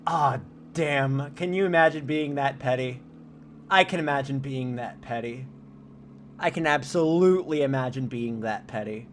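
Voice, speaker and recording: A young man streams a game from home into a desk mic, his mid-range voice moving at normal speed over slight background noise. He chats casually, cracks jokes, and keeps drifting off on tangents, with the occasional sound of keyboard typing. It's easygoing live-stream commentary.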